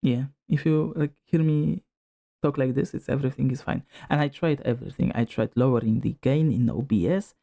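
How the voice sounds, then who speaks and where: On a home stream, a man with a medium-pitched, creaky, dark voice talks a little fast, rambling with plenty of fillers as he tests his mic. Because he keeps shifting his distance from the desk microphone, he sounds close one moment and slightly distant the next.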